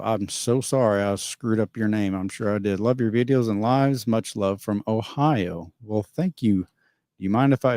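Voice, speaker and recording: A man's voice: on the low side, darkish tone, no room sound, clean studio sound. A man hosting a casual livestream, reading viewer comments and giving rambling, opinionated answers with frequent chuckles. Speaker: livestream host reading chat.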